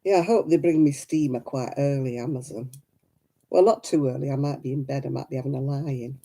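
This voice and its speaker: On her crafting live stream, a middle-aged woman from Lancashire, England, speaks a little fast in a very deep, warm voice with a Lancashire accent. She has a cough and a rough throat, yet she laughs, chats casually and greets viewers by name.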